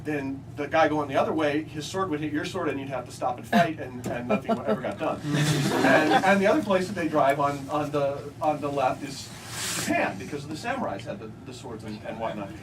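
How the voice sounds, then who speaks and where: A man giving a comic talk at a book signing, telling deadpan anecdotes and jumping into high voices to mimic what others say. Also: a little fast, few pauses. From United States. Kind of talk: comic talk to a live audience. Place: bookstore event space, mixed with audience. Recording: distant mic, loud crowd and room noise. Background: audience laughter.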